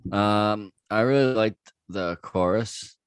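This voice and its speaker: A man's voice: lowish voice, slow, clear, resonant tone, no room sound, clean studio sound. A young man co-hosting a podcast, laid-back, reading his notes with fillers in casual chat. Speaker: podcast co-host.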